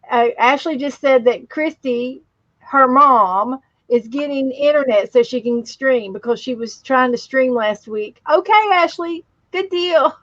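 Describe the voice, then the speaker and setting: A woman with a West Virginia accent hosting a casual livestream chat, telling stories slowly with many restarts. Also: high-pitched, a bit bright, no echo, muffled recording. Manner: slow, rambling storytelling with many restarts. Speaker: livestream host.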